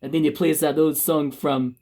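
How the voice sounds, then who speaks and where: A man's voice: on the high side, flat delivery, normal speed, dark tone. A man casually retelling a made-up love story, rambling with restarts.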